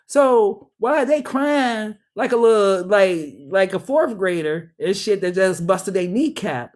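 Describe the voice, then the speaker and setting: Blunt, profane woman reading tarot. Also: mid-range voice. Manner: blunt, profane, sassy slang. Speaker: tarot reader. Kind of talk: casual tarot reading livestream.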